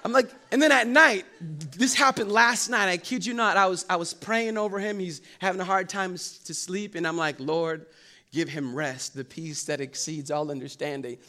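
Animated high-voiced young man preaching. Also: moderate pace. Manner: animated storytelling, acts out quotes and jokes. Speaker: pastor. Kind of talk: sermon. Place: church hall.

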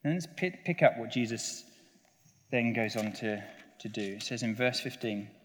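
Here a pastor with a mid-range voice and lively intonation delivers a sermon at a normal pace, earnestly reading scripture and leading his listeners in prayer. He builds on the scripture passages and softens as he closes, with long church reverb and slight background noise.

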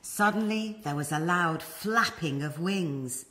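A woman reading a children's story aloud as a storyteller, expressive and animated. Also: on the low side, takes it slowly, heavy background noise.

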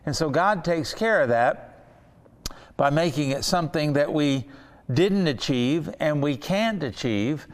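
A man with a fairly high, smooth and resonant voice leads a Bible study lesson. He speaks earnestly and slows down to press home key words. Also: lively intonation, in a large hall. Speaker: Bible teacher.

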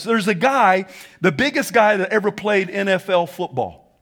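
A male pastor with a notably high voice preaches to a live congregation. He swings between hushed asides and shouted calls, pulling the room into call-and-response. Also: expressive, normal speed. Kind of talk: sermon. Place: church before a congregation.

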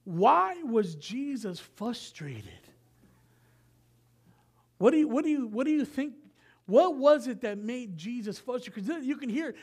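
A man's voice: extremely high pitch, animated, moderate pace. A man giving a sermon as pastor, reading scripture in a casual, conversational way with frequent asides and self-corrections.

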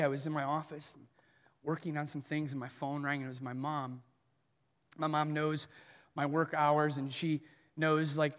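A man in his thirties delivers an earnest sermon in a high voice. He drops soft and rises forceful as he preaches. A long hall reverb trails his words. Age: 30s. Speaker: pastor.

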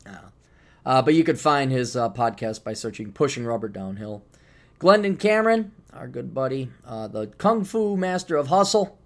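A man hosting a podcast alone, rambling in a sarcastic, casual monologue with sudden loud bursts, tired and just waking up. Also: mid-range voice, animated, moderate pace. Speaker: podcast host.

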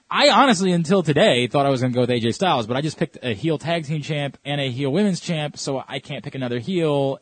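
Animated man, lively talk. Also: a little high, no echo. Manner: animated, quick asides, playful quoting. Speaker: podcast co-host. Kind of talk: casual chat, wrestling predictions.

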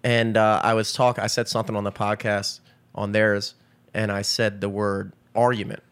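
A man's voice: fairly low pitch, normal speed, smooth. A man from Maryland co-hosting a podcast, telling stories in casual chat and dropping "dude" and "like" often. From Maryland, USA. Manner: animated storyteller, says "dude" and "like" often. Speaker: podcast co-host.

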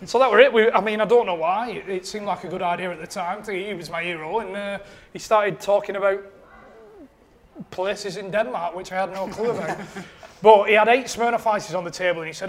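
A man's voice: high voice, brisk. A man, rambling through a self-mocking anecdote on a podcast. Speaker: podcast producer. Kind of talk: casual storytelling.

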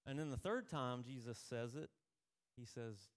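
A male pastor delivering a sermon in an easy, conversational manner, mixing scripture with stories from his own life. His voice has a gravelly, slightly creaky texture at a mid pitch. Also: unhurried, long pauses. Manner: conversational preaching with personal stories.

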